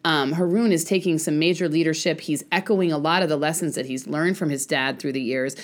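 A woman with a low voice explains a novel's themes to her class. She is thoughtful and careful, and she softens her points with lots of "kind of.". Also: fairly even intonation, fairly quick. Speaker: teacher. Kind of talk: book discussion.

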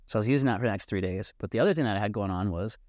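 Animated man telling a story, dry sound. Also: fairly low pitch, rapid-fire, dry recording. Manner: animated, swears freely, acts out quotes. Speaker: podcast guest. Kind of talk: casual storytelling.

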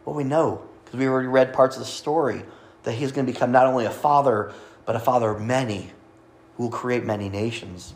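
A man's voice: mid-range voice, fairly even intonation, brisk. A man preaching a sermon, explaining scripture and the names of God with light asides to his listeners. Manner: teaching, reading scripture aloud, light asides.

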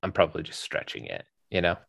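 A man's voice: low voice, big pitch swings, fast talker, gravelly, fairly bright tone, breathy edge. A man co-hosting a movie podcast in casual chat, rambling with lots of fillers and restarts. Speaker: podcast co-host.

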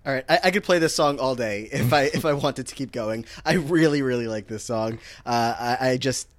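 A man's voice: mid-range voice, moderate pace, no room sound. Upbeat male podcast co-host. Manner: upbeat, hyped like a DJ counting down. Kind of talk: casual chat.

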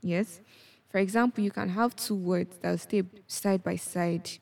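Woman teaching language on a podcast, bit of vocal fry, keeps asking "yes?". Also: medium pitch, fairly even intonation, measured pace, dark tone. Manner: explanatory, checks in with "yes?" and "okay?".

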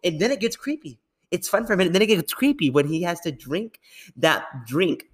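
A young man hosting a podcast, talking casually in a rambling, animated way and laughing often. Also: high voice, fairly quick. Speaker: podcast host.

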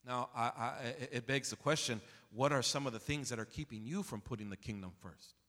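A man pastor preaching an expository sermon with passion, swinging from low confiding tones to near-shouts and calling on the congregation to answer back. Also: brisk. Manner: calls out to the congregation for responses. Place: church sanctuary. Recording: long hall reverb in a church.

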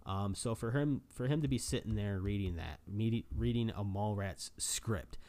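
A man's voice: fairly low pitch, moderate pace. A man talking casually to camera as an enthusiastic comic fan, rambling with lots of fillers and restarts. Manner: excited fanboy, many fillers and restarts. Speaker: vlogger and comic collector.

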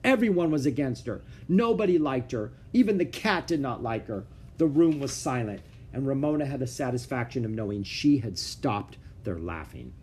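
A man reading a children's book aloud with expressive storytelling. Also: mid-range voice, moderate pace, hardly any pauses, slight background noise. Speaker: narrator.

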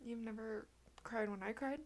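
A woman's voice: a little high, fairly even intonation, normal speed. A young woman co-hosting a podcast, chatting casually in a playful, giggly way. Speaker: podcast co-host. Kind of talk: casual chat.

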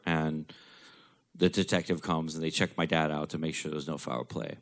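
A man's voice: low-pitched, lively intonation, moderate pace. A man telling a personal story in a blunt, profane, darkly joking way.

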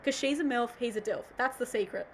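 A woman's voice: on the high side, fairly quick, slight background noise. A young woman co-hosting a casual podcast chat, rambling with lots of 'like' and 'um' and trailing off mid-thought. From Australia. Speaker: podcast co-host.

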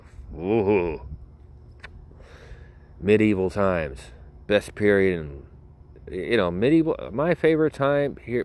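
Deep-voiced young man rambling. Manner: animated, joking, self-interrupting storyteller. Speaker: podcast host. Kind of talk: casual rambling monologue.

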